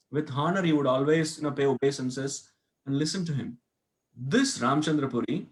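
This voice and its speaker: A man teaching a devotional scripture class, telling a story and asking his listeners questions as he goes. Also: on the high side. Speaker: class speaker. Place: temple hall.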